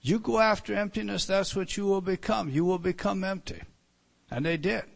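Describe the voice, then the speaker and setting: A man preaching a sermon, teaching through a text with frequent restarts and repeated words, building to loud emphatic lines and dropping to soft asides. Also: high-pitched, normal speed, vocal fry. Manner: animated teaching, many restarts and stammered repeats.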